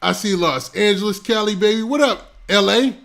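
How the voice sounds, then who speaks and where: A man hosting a casual live stream on a close mic, shouting out viewers' locations and talking in laid-back slang. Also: high-pitched, normal speed, creaky. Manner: shouting out viewers' locations one after another.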